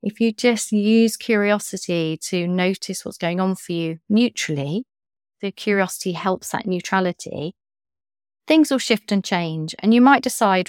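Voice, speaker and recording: A woman coach speaking as a podcast guest in a gentle, soothing, reassuring way. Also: medium pitch, normal speed, clean tone, dry recording, studio quality. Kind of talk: interview talk.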